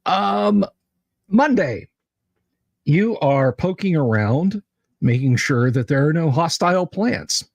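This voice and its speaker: A man running a tabletop game as game master, halting with many filler sounds. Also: on the high side, lively intonation, creaky, no echo. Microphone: video call mic.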